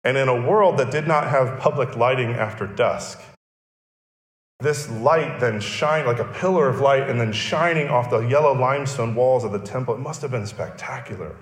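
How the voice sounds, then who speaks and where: A man's voice: mid-range voice, moderate pace. A male pastor preaching a sermon, explaining and repeating key phrases for emphasis. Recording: echoey church hall.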